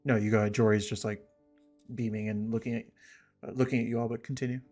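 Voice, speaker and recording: A man narrating a tabletop game as game master, easygoing and halting, with frequent laughs. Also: fairly low pitch, flat delivery, darkish tone, faint music behind.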